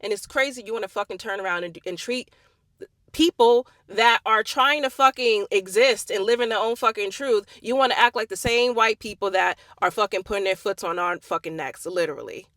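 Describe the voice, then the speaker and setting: A woman's voice: mid-range voice, fairly quick, a bit bright, dry recording. A young woman giving a heated, blunt and profane commentary monologue, firing off rhetorical questions. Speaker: commentary vlogger. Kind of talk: impassioned social commentary monologue.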